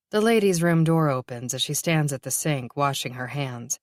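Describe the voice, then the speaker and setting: Woman audiobook narrator, low pitch, steady, even, dry close recording. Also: normal speed, few pauses, dry recording. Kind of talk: scripted narration.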